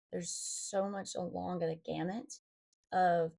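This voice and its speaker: Woman, low and mellow, gravelly, chatty, rambling vlog talk. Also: flat delivery, normal speed. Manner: rambling, full of fillers and restarts. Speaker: vlogger. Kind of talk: casual personal update.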